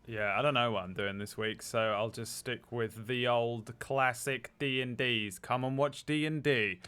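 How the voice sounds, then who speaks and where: A man who runs a tabletop campaign, trading deadpan, mock-grumpy jokes in livestream banter. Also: mid-range voice, a little slow, hardly any pauses, clear, resonant tone. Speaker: game master of another campaign.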